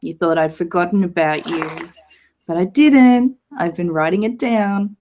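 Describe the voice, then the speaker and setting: A woman hosts a casual live stream over a video call, sounding easygoing and relaxed. She chats loosely with her guest and reads viewer comments aloud. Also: on the low side, measured pace, a little hiss or hum. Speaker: host.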